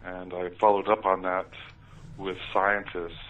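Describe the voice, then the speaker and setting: A deep-voiced man recounts his experiences in an interview, pausing often with ums and uhs. He comes through a narrow, phone-like line, sitting back from the mic with a faint hiss behind him. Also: level tone, far from the mic. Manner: hesitant, many ums and uhs. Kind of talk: interview storytelling.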